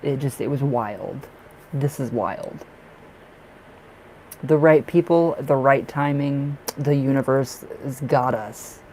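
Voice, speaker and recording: A man doing a live tarot reading, chatty and excitable, who laughs often and fills his talk with restarts. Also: mid-range voice, slow pace, a little hiss or hum, rough recording. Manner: chatty, with many fillers and restarts. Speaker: tarot reader.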